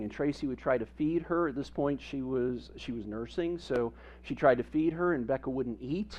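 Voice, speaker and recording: A man preaching a sermon as pastor, telling family stories with humor and animated emphasis. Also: medium pitch, moderate pace, hardly any pauses, dull audio, a little hiss or hum. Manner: storytelling with humor, animated and lively.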